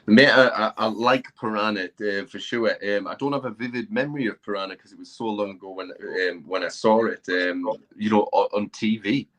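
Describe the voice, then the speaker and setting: A man co-hosting a casual movie review chat in a fairly low voice. He sounds laid-back, hesitating often and filling pauses with ums and you-knows. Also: fairly bright tone. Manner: laid-back, with hesitant fillers and easy laughter. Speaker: podcast co-host.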